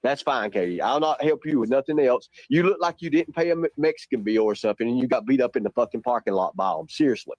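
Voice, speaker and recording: Fast, blunt, profane man. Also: mid-range voice, expressive, darkish tone, dry recording, highs cut off. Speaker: livestreamer in a played clip. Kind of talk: heated casual argument.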